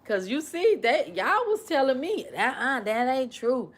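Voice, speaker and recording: A woman hosting a casual livestream, animated and repetitive as she questions and mimics her commenters. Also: sits high, unhurried. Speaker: livestream host.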